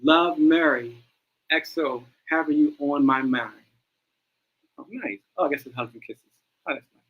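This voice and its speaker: Male livestream host, somewhat high-pitched, animated commentary while reading aloud. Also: normal speed, breathy edge, dull audio. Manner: animated, repeats phrases as he reads them.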